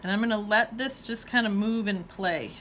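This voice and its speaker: A woman's voice: mid-range voice, moderate pace, a bit bright, slight background noise. A woman teaching watercolor, talking casually while she paints and thinking aloud with playful exclamations. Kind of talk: painting demonstration talk-along.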